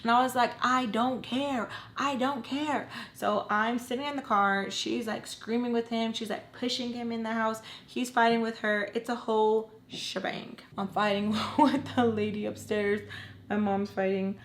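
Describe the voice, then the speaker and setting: A young woman telling a personal story in a casual, animated way, with lots of swearing and "like", acting out the people she quotes. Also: on the high side, moderate pace, a little hiss or hum. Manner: animated, profane, many likes, acts out quoted people. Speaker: storytime vlogger.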